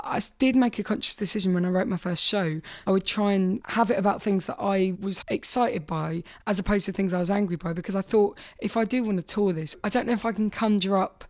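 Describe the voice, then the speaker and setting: A British woman comedian, a guest in a casual interview, who talks in a lively way and acts out the people she quotes. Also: medium pitch. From Britain. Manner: animated, acts out quoted voices.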